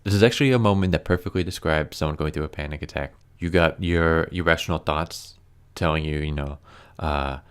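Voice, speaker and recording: A man talking casually and earnestly to camera, halting often with fillers and restarts. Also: extremely low pitch, clean tone. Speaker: YouTuber reviewing comics. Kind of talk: casual personal commentary.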